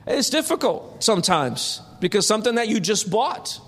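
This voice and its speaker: A man preaching a sermon in a lively, humorous, conversational way. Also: sits high, moderate pace, breathy edge. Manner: animated, humorous, acts out quotes.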